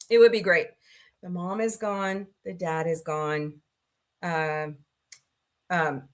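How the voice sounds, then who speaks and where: A woman's voice: a little high, a bit bright. A middle-aged woman hosting a casual livestream talk show, chatting and greeting viewers by name with a sarcastic streak.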